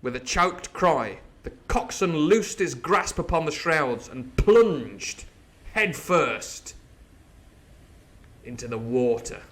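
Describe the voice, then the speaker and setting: A man reading a classic adventure novel aloud as host of a live stream, with animated, jokey asides. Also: on the high side, takes it slowly. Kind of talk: storybook reading with live commentary.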